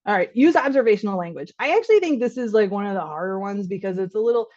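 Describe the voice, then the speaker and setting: A woman's voice: medium pitch, lively intonation, quick pace, darkish tone. A woman in her thirties, a physician, giving a casual spoken parenting workshop and often checking in with "right?". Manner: chatty, keeps checking in with "right?". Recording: dull lo-fi online workshop audio.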